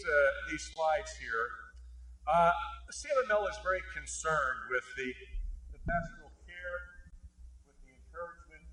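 Earnest man speaking in an echoey hall. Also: fairly high pitch. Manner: earnest, emphatic, rhetorical questions. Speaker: mission organization speaker. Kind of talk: conference presentation with slides. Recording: echoey room, distant mic.

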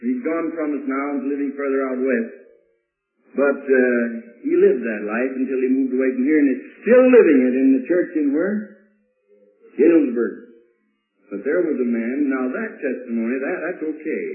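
A man's voice: mid-range voice, animated, moderate pace. A man preaching a sermon as pastor, blunt and emphatic, with rhetorical questions and dry asides. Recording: tinny, echoey old sermon recording.

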